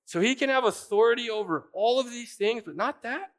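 A man's voice: very high voice, brisk, fairly bright tone. A man preaching a sermon, asking rhetorical questions and repeating key phrases for emphasis. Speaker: pastor.

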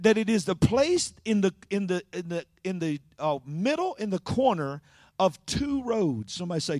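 Preacher guy, high voice that swings all over, calls out to the crowd, dry close sound. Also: dry recording. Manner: call-and-response preaching, swinging from loud to hushed. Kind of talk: sermon.

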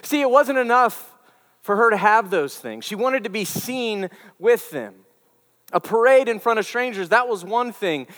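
A man's voice: sits high, lively intonation, moderate pace, a bit bright, in a large hall. A man preaching a conversational sermon to college students, telling stories with chatty asides and repeated words. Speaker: campus ministry preacher.

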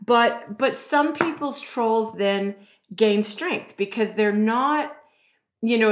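Earnest woman explaining, roomy sound. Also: mid-range voice. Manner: earnest, explanatory, uses rhetorical "right?" and "you know". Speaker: guest expert on self-esteem. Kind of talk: conversational podcast explanation. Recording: roomy echo.

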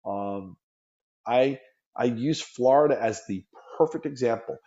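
Middle-aged guy from the us, earnest and pushy, mellow voice, kinda dull audio. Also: medium pitch, a little slow. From United States. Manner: earnest, emphatic, repeats words when pressing a point. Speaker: gun safety activist guest. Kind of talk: impassioned interview talk.

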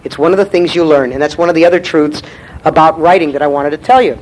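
A man's voice: fairly high pitch, fast talker, darkish tone, low-quality recording. A man giving a comic lecture as a writer, brash and profane, rambling with stammered restarts.

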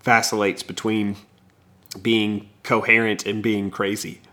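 A man with a fairly low voice talks things through slowly and thoughtfully. He floats theories, pauses and restarts as he works out his ideas. His tone stays calm and conversational throughout. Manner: measured, speculative, thinks aloud with hesitations. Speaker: podcast co-host. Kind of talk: casual chat analyzing anime episodes.

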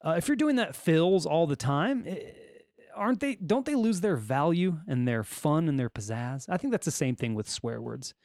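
A man's voice: a little high, darkish tone, no room sound, studio quality. A man with a Californian accent hosting a solo podcast, reading odd news stories and tossing in joking asides. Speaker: podcast host.

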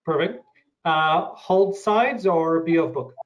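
A man interviewing and sharing his acting experiences, thoughtful and hesitant with many pauses. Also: on the high side, low-quality recording. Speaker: interviewer and actor. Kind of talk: casual interview.

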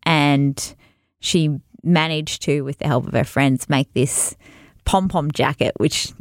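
A woman with a lowish, gravelly voice tells a story in casual chat, animated and laughing often. She acts out what people said. The sound is dry and close. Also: slow, dry recording.

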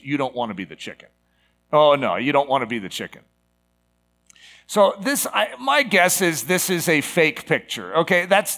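A man's voice: on the high side, fairly bright tone. A man in his fifties giving a casual, conversational sermon to a live congregation, full of fillers and rhetorical asides.

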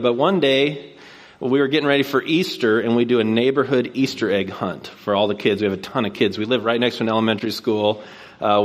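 A man preaching a sermon from a stage, telling a neighborhood story in a relaxed conversational way and then posing rhetorical questions. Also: mid-range voice. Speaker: pastor. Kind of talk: sermon with personal anecdote.

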